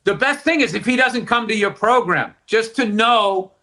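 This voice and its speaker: A man co-hosting a podcast, chatting about sports in an animated, profane way. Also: sits high, moderate pace. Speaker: podcast co-host. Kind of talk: casual sports chat.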